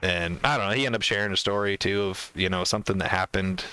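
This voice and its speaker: Male podcast host, rambling storyteller, bright clear voice, low-ish. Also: fast talker. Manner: rambling, full of fillers and acted-out quotes. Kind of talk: casual storytelling chat.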